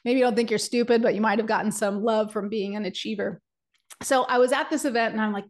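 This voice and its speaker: A woman co-hosting a business webinar, telling a personal story in an animated, chatty way and speaking straight to her audience. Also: mid-range voice, quick pace. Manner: animated, chatty, many "like"s and acted-out quotes; addresses the audience directly. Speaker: webinar co-host and business coach. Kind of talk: energetic storytelling presentation.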